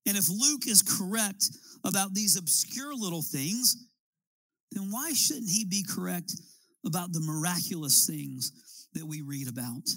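A man's voice: sits high, lively intonation, a little slow, creaky, fairly bright tone, dry recording, poor audio. A man preaching a sermon as a pastor, building his points with emphatic, rising appeals.

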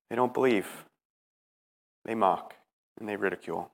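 A man preaching a dramatic sermon, emphatic, moving from hushed passages to rising ones. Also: on the low side, normal speed. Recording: preaching in a reverberant hall.

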